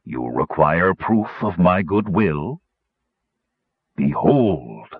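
Man playing a soothing bass spirit, slow and proud, very low, husky, slightly muffled recording. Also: very animated, no room sound, full character voice. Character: soothing, lofty ancient male spirit in a tower. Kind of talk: audiobook character voice.

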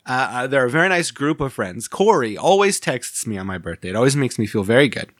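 A man's voice: mid-range voice, sing-song, fairly quick, no echo, studio quality. Man giggling through rambling podcast chat. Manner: laughs often, rambling and self-amused. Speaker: podcast co-host.

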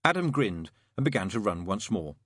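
A middle-aged man reading a story aloud in an expressive, playful storytelling manner. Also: fairly low pitch, normal speed, husky, no echo, clean studio sound. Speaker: audiobook narrator. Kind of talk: scripted audiobook narration.

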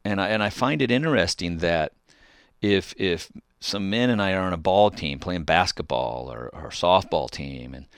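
A middle-aged man hosts a call-in faith radio show, earnestly urging listeners on and often restarting his phrases. His low-pitched voice is clear and resonant at a normal pace, with clean, echo-free studio sound.

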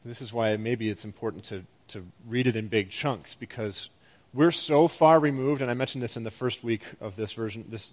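A male pastor delivering a sermon at a mid pitch. He talks in an animated, self-deprecating way, getting loud when he is excited and dropping low to stress a point.

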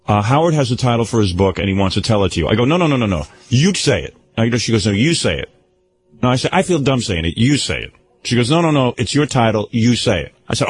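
A male radio host recounts a story in a lively, swooping voice, often breaking into laughter. He acts out every quoted person himself. It has the sound of a radio broadcast. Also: mid-range voice, husky.

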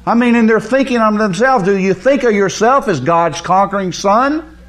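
A man's voice: sits high, normal speed, a bit bright. A man teaching a sermon on scripture, emphatic and repeating words for stress. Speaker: Bible teacher.

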